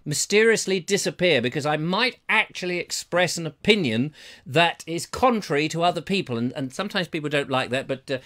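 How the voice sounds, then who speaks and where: An English man with a fairly high, bright voice chats theatrically to his live audience on a lapel mic. His pitch swoops up and down as he reads out names and comments, playful and full of asides. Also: animated, a little fast. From England. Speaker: host reading live chat comments. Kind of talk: casual live-stream chat.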